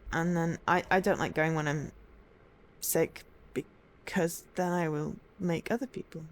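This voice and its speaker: A woman chatting casually while streaming a game, animated and self-interrupting. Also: low-pitched, a little slow. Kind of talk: casual gameplay commentary. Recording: faint music behind.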